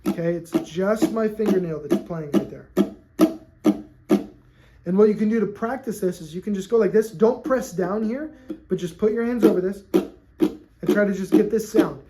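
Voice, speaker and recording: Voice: mid-range voice, moderate pace, long pauses, noisy background. Upbeat ukulele teacher checking in often. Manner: friendly, checks in with "okay?" constantly; counts beats aloud while strumming. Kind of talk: on-camera music lesson. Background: ukulele strumming.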